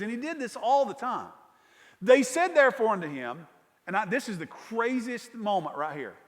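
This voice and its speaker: A man preaching a sermon as pastor, reading scripture aloud and explaining it with questions to the congregation, swinging from loud emphasis to hushed, slow delivery. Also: high-pitched, long reverb tail. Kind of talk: expository sermon. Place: church sanctuary.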